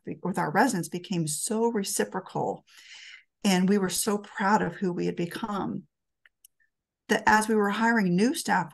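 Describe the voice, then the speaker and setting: A woman's voice: mid-range voice, creaky. A woman speaking at a talk, telling an earnest, emotional story from her work in long-term care.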